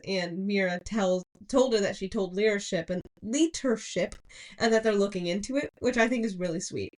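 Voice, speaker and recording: A woman's voice: mid-range voice, moderate pace, a little mellow. A young American woman co-hosting a casual book podcast, giggling and rambling through her retelling with lots of fillers. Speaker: podcast co-host. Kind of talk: casual book-club chat.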